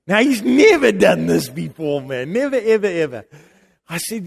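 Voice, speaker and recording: Animated middle-aged male preacher telling a story. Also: a little high, moderate pace, creaky, breathy edge. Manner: animated, swings from loud emphasis to quiet intimacy. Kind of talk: sermon storytelling.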